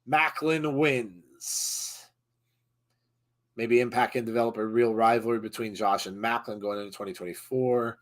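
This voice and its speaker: A man hosting a live wrestling watch-along, chatting casually, laughing often and breaking into excited shouts. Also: mid-range voice, measured pace. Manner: chatty, laughs often, reads viewer comments. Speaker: host.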